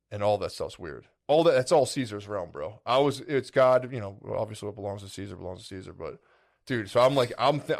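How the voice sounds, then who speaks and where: Rambling casual man telling a story. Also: on the low side. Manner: rambling, full of "like" and "dude", acts out his own past thoughts. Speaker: podcast co-host.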